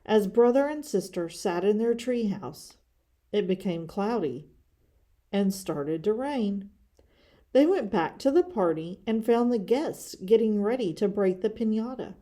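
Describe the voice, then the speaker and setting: Woman reader, children's book, slow, expressive, mellow. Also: medium pitch. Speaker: story reader. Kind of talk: children's storybook reading.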